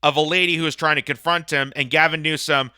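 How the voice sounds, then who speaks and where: Man, sarcastic ranting commentary host, very bright and clear voice, dry close recording. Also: on the high side, fairly even intonation, fast talker, dry recording. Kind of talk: political reaction commentary.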